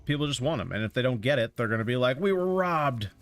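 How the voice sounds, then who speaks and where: Faint music plays behind a man whose mid-range, fairly bright voice moves very fast. Streaming a game, he chats casually, rambling out opinions along the way.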